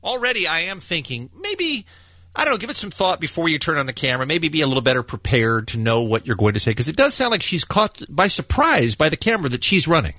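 A man hosting a radio show, talking fast and bright with lively ups and downs. He jokes and teases as he comments. The sound is dry and close. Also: a little high, no room sound. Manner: joking, teasing, quick commentary. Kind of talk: morning radio banter.

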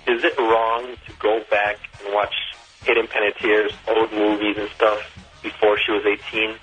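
A man's voice: on the low side, flat delivery, moderate pace, fairly bright tone, breathy edge, muffled recording. A man leaving a goofy, sing-song voicemail that is played on air. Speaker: answering-machine caller. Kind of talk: silly voicemail rant.

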